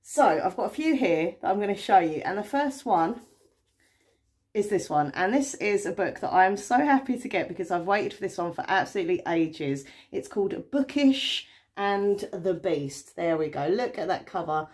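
A woman's voice: medium pitch, expressive, normal speed, darkish tone. An English woman chatting to camera about her new books, rambling and enthusiastic with lots of fillers. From England. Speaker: book vlogger. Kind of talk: casual chat to camera.

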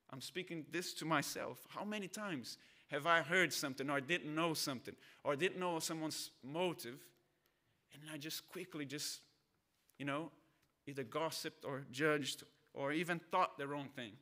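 Man, pastor, from Brazil, sermon, chatty storyteller, bright tone. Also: on the high side. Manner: conversational, storytelling with acted voices.

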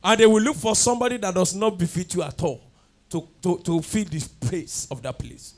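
A man's voice: high voice, moderate pace, darkish tone. A man preaching a fervent sermon, leading chanted prayers with call and response in church. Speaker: pastor. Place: church at a night prayer service.

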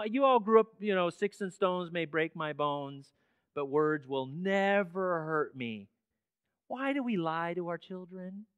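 A man preaching a sermon in a church, swinging between hushed, slow passages and loud, emphatic ones. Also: very high voice, no room sound. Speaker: pastor. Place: church sanctuary.

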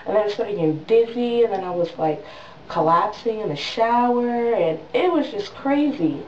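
A woman's voice: mid-range voice, slight background noise. Young woman vlogging, dramatic storyteller, kinda far from the mic, roomy dull sound. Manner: animated, dramatic retelling with quick voiced asides. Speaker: new mother vlogger. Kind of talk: casual storytelling vlog. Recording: distant mic in an echoey room, dull sound.

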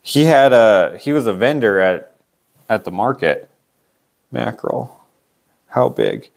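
A man's voice: medium pitch, expressive, slow, vocal fry. A man in his late twenties, hosting a livestream and telling a rambling story with a microphone on, often breaking off on tangents. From Canada. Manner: chatty, wanders off on tangents, self-interrupting. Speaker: livestream auction host. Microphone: wearing a microphone.

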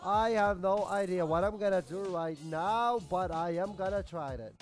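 A man giving casual gameplay commentary, excitable and profane, shouting and cheering at the game as he plays. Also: high voice, moderate pace. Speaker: gaming YouTuber. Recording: game music playing underneath.

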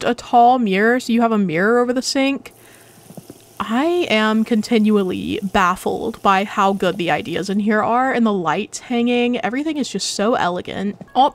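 A woman hosting a casual game tour, talking in a bubbly, gushing and upbeat way. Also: medium pitch. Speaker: gaming channel host.

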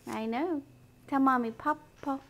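A woman's voice: high-pitched, a little slow, slight background noise. A young mother at home, coaxing her toddler in repetitive baby talk, filmed on a handheld camcorder.

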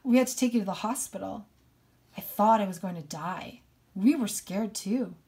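A woman reading the part of a grieving father who speaks softly. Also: mid-range voice, normal speed, breathy edge. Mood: gentle. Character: quiet grieving father, gentle and tearful.

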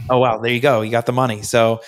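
A man's voice: medium pitch, flat delivery, fast. A man hosting a casual interview, affirming his guest and asking follow-up questions. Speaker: podcast host.

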